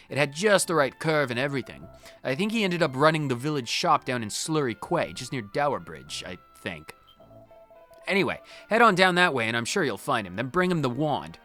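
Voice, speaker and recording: A man's voice: medium pitch, fairly bright tone, natural voice. A man voicing a pompous, fussy old male teacher who talks in old-fashioned exclamations.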